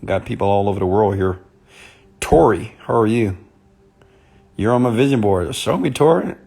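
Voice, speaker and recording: A man speaking softly and intimately on a live stream, greeting viewers by name as a motivational speaker. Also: lowish voice, moderate pace, creaky, breathy edge. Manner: soft, intimate on purpose; chatty, greets commenters by name.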